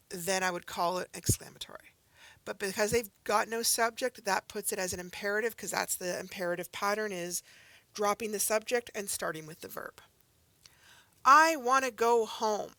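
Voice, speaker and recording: A woman's voice: medium pitch, fairly bright tone, no room sound. A woman teaching a recorded grammar lesson, patiently explaining step by step with example sentences and checking in with "okay?" and "right?".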